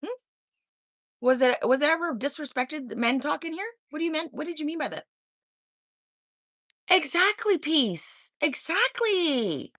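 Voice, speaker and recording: A woman hosts a live stream and argues straight at her viewers, confrontational and sarcastic, with swearing. Her pitch leaps up and down as she talks. The sound is dry and close, with no room echo. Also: animated, moderate pace, long pauses, a bit bright. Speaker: livestream host. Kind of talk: heated live-chat monologue.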